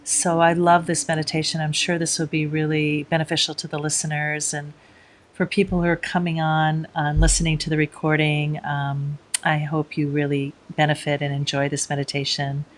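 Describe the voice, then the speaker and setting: A woman hosting a podcast interview, speaking gently with frequent hesitations. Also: sits low, little pitch movement, moderate pace. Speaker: host.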